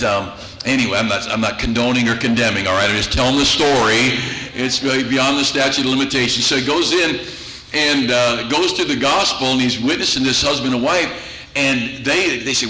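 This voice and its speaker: Pastor, man, bright and forceful, humorous storytelling sermon, roomy church sound. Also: mid-range voice. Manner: humorous, chuckles through anecdotes. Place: church sanctuary. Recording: echoey church room with faint noise.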